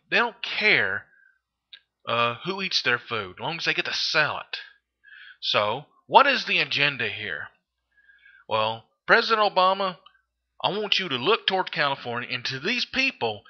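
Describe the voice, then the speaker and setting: An indignant man delivers an impassioned monologue with pitch that leaps and swoops, set fairly high for a man. He fires off rhetorical questions and stumbles over frequent hesitations. The recording sounds dull and lo-fi. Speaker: political video commentator.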